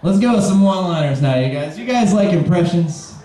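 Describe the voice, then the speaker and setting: Young kentucky guy doing standup, dry deadpan jokes, soft mellow voice, tons of echo from a big room. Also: sits high. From Kentucky, USA. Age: 20s. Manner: deadpan, dry one-liners with sarcastic pauses. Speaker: stand-up comedian. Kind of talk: live stand-up set. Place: bar pavilion on stage. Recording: very echoey live room.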